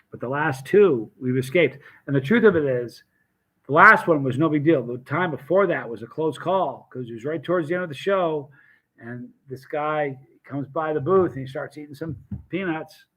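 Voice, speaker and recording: A man hosting a casual live stream, telling animated stories with restarts and acted quotes. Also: on the high side. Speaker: hot sauce seller and channel host.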